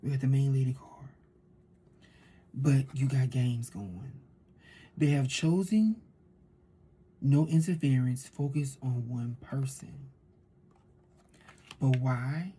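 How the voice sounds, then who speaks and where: A woman talks through a tarot reading in a loose, animated way and circles back to repeat her points. Her voice is breathy and husky, with a dark, relaxed tone. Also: extremely low pitch, slow, pauses often. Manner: animated storytelling with repeated phrases. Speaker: tarot reader. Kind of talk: casual tarot reading monologue.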